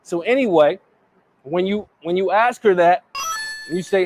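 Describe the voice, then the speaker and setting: A man's voice: high voice, moderate pace, a little hiss or hum. Blunt, crude man giving dating advice. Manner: blunt, crude, swearing freely. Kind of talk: casual advice in a played clip.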